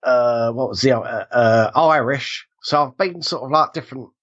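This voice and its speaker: British man, under the weather and husky, relaxed chatty podcast guest on a dull line. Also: medium pitch, a little fast. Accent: British English. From England. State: has a cold. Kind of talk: casual chat.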